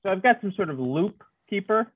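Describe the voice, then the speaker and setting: Joking man with a slightly high voice. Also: expressive, brisk, dry recording. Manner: joking, thinks out loud with many restarts. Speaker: player. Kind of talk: playing a tabletop game over a call. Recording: dull, lo-fi mic.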